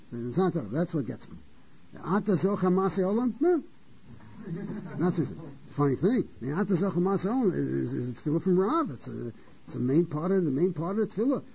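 A man with a high, husky, mellow voice gives a Torah lecture, circling back over his words and restarting sentences. He poses questions to the class, often clears his throat, and sounds dull and lo-fi. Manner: halting, repeats phrases and restarts, asks rhetorical questions. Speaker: rabbi teaching a class. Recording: dull lo-fi recording.

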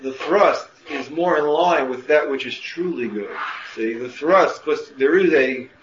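A man's voice: on the high side, measured pace, slight background noise. A man teaching a class on Jewish thought, lecturing with rhetorical questions and frequent restarts. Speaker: Torah teacher. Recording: muffled roomy classroom recording with faint ambience.

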